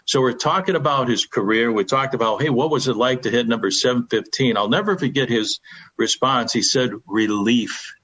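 A man's voice: medium pitch, normal speed, fairly bright tone, lo-fi sound. An older man, a radio sports broadcaster, telling a folksy baseball anecdote with reverence for the game. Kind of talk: storytelling on a sports radio show.

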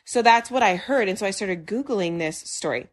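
A young woman co-hosting a podcast, telling stories in an animated way, laughing and acting out quotes. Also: mid-range voice, moderate pace. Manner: animated, laughing storyteller who acts out quotes. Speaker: podcast co-host. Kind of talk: casual chat.

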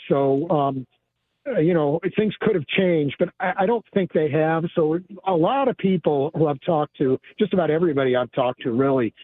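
A man's voice: a little high, no room sound. Male reporter on a tinny phone line. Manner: measured, storytelling. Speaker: sports reporter guest. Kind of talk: phone interview.

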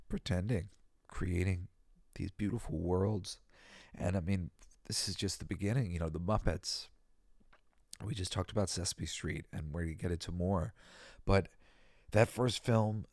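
A tired, teary man with a deep, darkish voice hosts a casual solo talk from California, rambling emotionally and breaking into snatches of song as he nears tears. There's no room sound on the recording.

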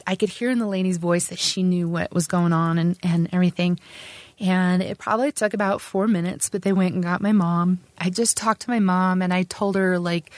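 A woman's voice: lowish voice, fairly even intonation, brisk, darkish tone, no echo. A middle-aged woman, an Army sergeant, telling her own story in an earnest, conversational way with frequent restarts. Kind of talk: personal storytelling.

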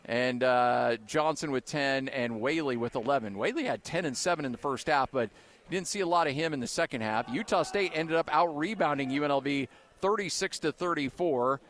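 A man hosting postgame radio commentary from an arena booth, excited at first and then running through stats with fillers. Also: medium pitch, normal speed. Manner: excited, then thoughtful stat recap with fillers. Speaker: radio sports broadcaster.

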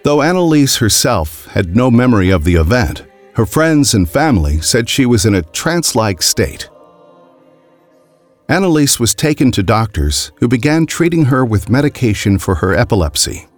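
A man narrating a scripted story in a grave, measured way. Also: mid-range voice, big pitch swings, faint music behind.

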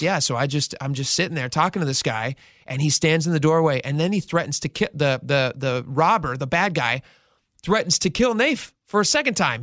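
A man with a fairly high, bright voice spins a news story on talk radio and acts out every quote. The sound is close and dry, with no room around it. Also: dry recording. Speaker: radio show host.

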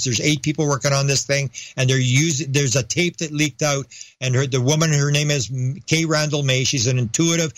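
A man's voice: fairly high pitch, a bit bright, no room sound. A man talking as a podcast guest in casual interview chat. He rambles, restarts his sentences, and slips into raised voices when he acts out quoted dialogue.

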